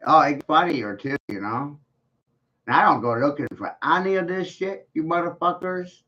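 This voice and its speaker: A man's voice: fairly high pitch, lively intonation, normal speed, bright, forceful tone. A man ranting to the camera, swearing and laughing mockingly at the people he addresses. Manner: mocking, swearing, laughs at his own points. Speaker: video blogger. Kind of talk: profane rant to the camera. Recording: dull lo-fi sound.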